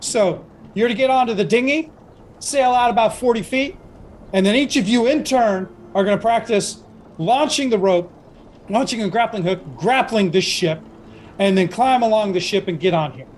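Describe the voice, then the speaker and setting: A woman's voice: mid-range voice, moderate pace, a little mellow, a little hiss or hum, close to an everyday voice. A man voicing a hulking, bossy female orc master gunner who barks orders with contempt. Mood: commanding.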